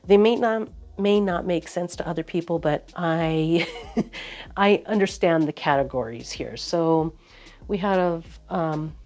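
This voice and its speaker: A woman's voice: on the low side, a little mellow. A woman giving a casual, rambling desk tour, a little out of breath, talking with lots of fillers and restarts. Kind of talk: casual chat.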